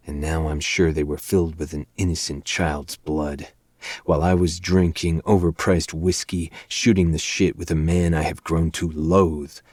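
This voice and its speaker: A man hosting a podcast, reading a dark romance novel aloud in a low, measured first-person narration. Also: no echo, clean studio sound. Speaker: podcast host.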